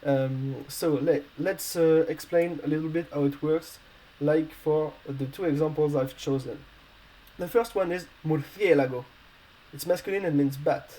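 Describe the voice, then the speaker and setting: A man teaching a language lesson in English that is not his first language, explaining slowly with many fillers and restarts. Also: on the high side, warm tone, poor audio.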